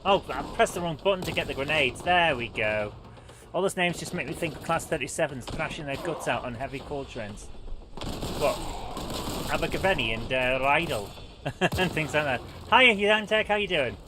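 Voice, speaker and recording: A woman with a low, expressive voice speaks at normal speed against a noisy background. She's streaming a game live, keeping up a rambling, self-deprecating commentary and greeting viewers as they arrive.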